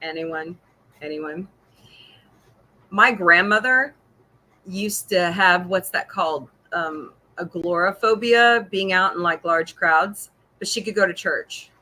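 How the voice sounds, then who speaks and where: A woman's voice: fairly low pitch, unhurried, sharp tone. A middle-aged woman from Missouri hosting a casual livestream chat, talking freely, laughing often and answering viewer comments. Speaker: podcast host.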